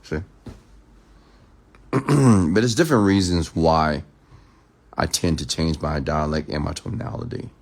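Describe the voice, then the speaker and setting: Hosting a late-night live stream, a man reads viewer comments aloud and answers them in a rumbling, low, gravelly voice. He deliberately shifts his pace and tone, sometimes slowing into a measured news-anchor delivery.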